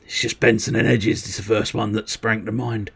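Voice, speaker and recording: A man voicing a small, washed-up male mascot creature in a higher, louder chirpy voice. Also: flat delivery, moderate pace, gravelly, breathy edge, exaggerated voice. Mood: deadpan.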